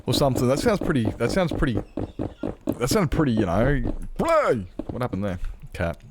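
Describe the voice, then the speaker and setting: Australian male streamer, rambling self-mocking chat, gravelly voice, lively pitch, noisy background. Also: brisk. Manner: rambling, self-mocking, lots of restarts and laughs. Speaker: Minecraft streamer. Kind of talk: casual live-stream chat.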